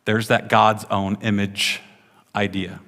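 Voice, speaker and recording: A man's voice: lowish voice, flat delivery, slow pace, a bit bright, big-room sound. A man preaching a sermon to a congregation, chatty and talking with the room, often checking in with "right?". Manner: conversational, frequent "right?" tag questions. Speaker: pastor.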